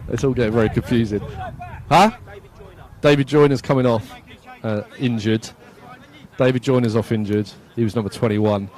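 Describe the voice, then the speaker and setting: A man's voice: mid-range voice, fairly even intonation, normal speed, a little mellow. A man from England giving casual, self-mocking live commentary at an outdoor football match, laughing often and reading out viewer comments.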